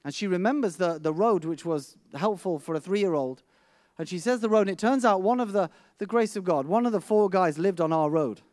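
High-voiced man preaching. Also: fairly quick, darkish tone, no room sound, clean studio sound. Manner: vivid storyteller with frequent restarts. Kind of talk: sermon with personal storytelling.

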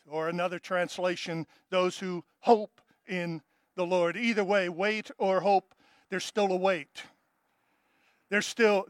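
A male pastor preaching a sermon in an emphatic style. He repeats his key phrases and drops to a soft, low tone to stress them. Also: dry recording.

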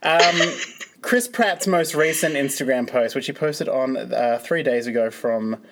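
A man hosts a casual podcast, his voice sitting at a middling pitch. He talks haltingly, full of fillers and restarts, with laughter breaking into his sentences. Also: very noisy. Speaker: podcast host. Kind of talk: casual chat.

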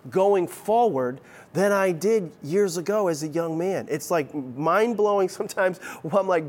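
A man's voice: high-pitched, a little slow. A middle-aged man preaching a sermon as pastor, conversational and playful, with frequent restarts.

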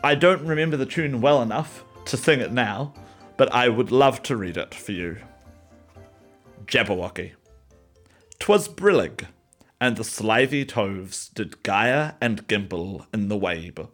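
A man who gives a short personal introduction and then reads a nonsense poem aloud in a slow, deliberate way. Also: medium pitch, animated, a bit bright, faint music behind. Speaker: poetry reader.

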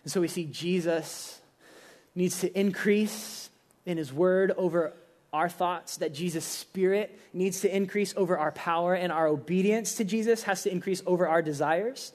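A man's voice: high-pitched, normal speed. A young adult man, a pastor, preaching a casual but emphatic sermon with rising bursts of energy.

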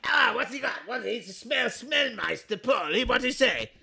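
A man's voice: very high-pitched, lively intonation, normal speed, creaky, crowd noise, voice pushed up, full character voice. A man voicing a mischievous male devil trapped in a box, with a wild, taunting, sing-song put-on foreign lilt.

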